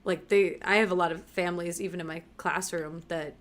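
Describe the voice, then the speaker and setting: A woman's voice: fairly low pitch, steady tone, a little fast. A young woman from the northeastern US, a kindergarten teacher chatting as a podcast guest, giggly and full of "like". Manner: chatty and giggly, says "like" often. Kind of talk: casual podcast chat.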